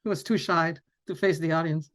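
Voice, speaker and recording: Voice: mid-range voice, fairly even intonation, brisk, a bit bright. Wry panelist with teasing remarks. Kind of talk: comedic panel chat.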